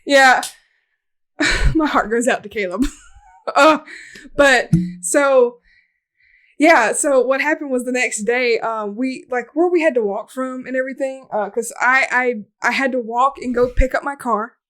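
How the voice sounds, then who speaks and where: High-voiced young woman telling a wild story. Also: a little slow. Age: young adult. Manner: animated, laughing, swearing, acting out voices. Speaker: podcast host. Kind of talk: casual storytelling chat.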